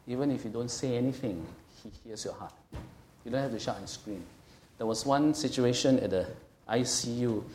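A middle-aged man delivers a sermon with an emphatic, conversational manner, often pausing to check that his listeners follow. His voice sits at an ordinary middle pitch. The room around him is echoey, like a church hall. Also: darkish tone, a little hiss or hum. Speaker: pastor.

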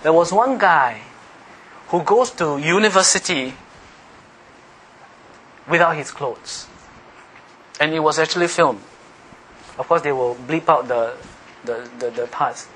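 Lively preacher with bright tone. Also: male voice, fairly high pitch, takes it slowly, pauses often, a little hiss or hum, low-quality recording. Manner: animated, teasing the congregation with questions. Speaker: pastor. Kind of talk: sermon.

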